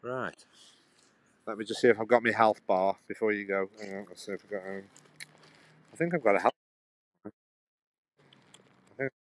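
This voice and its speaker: A man's voice: lowish voice, normal speed, pauses often, low-quality recording. A man rambling on a live stream outdoors, chatting back to his viewers. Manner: chatty, meandering, answers chat questions. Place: outdoors in a sunny town.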